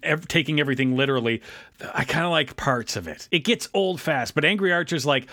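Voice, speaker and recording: Lively bright-voiced man recapping. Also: on the high side, dry recording, clean studio sound. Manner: animated, jumps into quick character voices when quoting. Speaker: podcast co-host. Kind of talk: casual episode recap chat.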